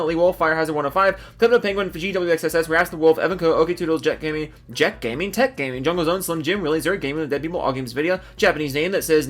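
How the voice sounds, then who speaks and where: A young man reading viewer names aloud on a livestream, rapid and goofy, jumping into silly voices. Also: fairly high pitch, a bit bright. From Seattle. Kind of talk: fast comedic livestream read-out.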